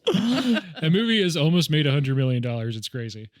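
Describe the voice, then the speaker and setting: Podcast man, rambling comic storyteller, slightly high voice, dry close mic. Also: a little fast, no room sound. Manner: rambling, joking storyteller with many ums. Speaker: podcast co-host. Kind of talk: casual chat.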